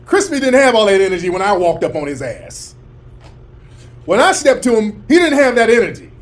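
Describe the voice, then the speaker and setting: A man talks in a fairly high, lively voice. He delivers scornful, mocking commentary that swings up and down as he retells things. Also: a little fast. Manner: animated, mocking, mimics others in a high crying voice.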